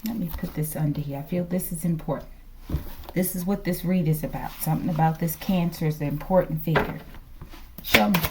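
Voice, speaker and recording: A woman's voice: on the low side, brisk, background noise. A woman giving a channeled tarot reading to her viewers, chatty, laughing often and dropping into whispers. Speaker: tarot reader.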